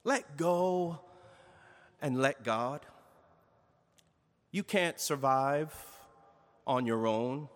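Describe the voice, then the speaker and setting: A male pastor giving a sermon, slow and emphatic, with dramatic pauses and storytelling. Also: medium pitch. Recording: long reverb of a large hall.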